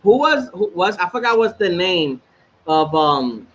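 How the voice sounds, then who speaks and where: Profane, animated high-voiced man. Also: a little slow. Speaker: podcast co-host. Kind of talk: casual chat. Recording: slightly dull sound with faint noise.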